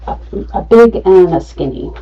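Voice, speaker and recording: A woman's voice: lowish voice, very animated, normal speed, warm tone, recorded from a distance, lo-fi sound. A middle-aged woman running a live craft tutorial, chatty and talking herself through each cut. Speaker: craft demonstrator.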